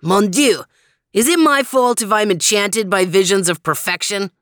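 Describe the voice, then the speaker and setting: A vain, theatrical male dog , put on by a woman reading a storybook. He talks in a flowery, pleased-with-himself way, pitched a little above the reader's own low voice. The sound is dry and close. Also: moderate pace, fairly bright tone, no echo, close to an everyday voice. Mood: grandly pleased.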